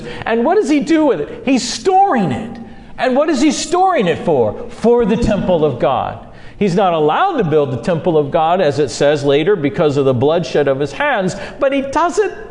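A man preaching a sermon as pastor, earnest, moving between soft asides and loud, high-pitched bursts. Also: big-room sound.

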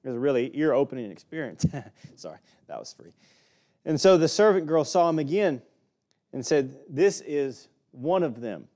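A man's voice: on the high side, sing-song, moderate pace, dark tone. A man with an Alabama accent, preaching a sermon and teaching through a Bible passage in a folksy way with small jokes. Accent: Southern US (Alabama).

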